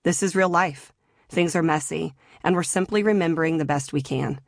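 Female author-narrator, 30s, measured and earnest, low voice, dry studio read. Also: dry recording. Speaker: author narrating her memoir. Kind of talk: audiobook memoir narration.

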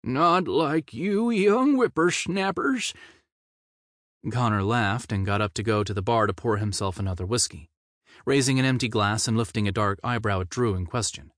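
This is scripted audiobook narration of a novel, delivered by a man whose low voice stays steady and measured. Captured close and dry, the recording carries no room sound.

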